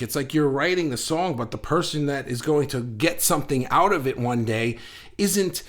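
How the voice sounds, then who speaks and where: A man hosting a casual livestream, chatting in a rambling way and reading viewer comments aloud. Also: fairly high pitch. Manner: rambling and chatty, with frequent restarts. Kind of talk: casual live chat.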